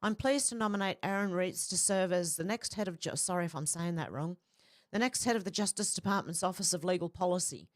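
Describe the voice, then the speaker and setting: A woman's voice: fairly low pitch, fairly quick. Chatty Australian woman reading posts. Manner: chatty, laughs between reads. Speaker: host. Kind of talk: casual commentary reading posts.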